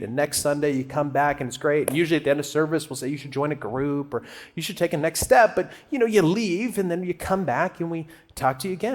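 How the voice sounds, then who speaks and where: A man preaching a conversational sermon to a church crowd, animated and joking as he talks to them. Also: a little high. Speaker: guest preacher. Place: church auditorium.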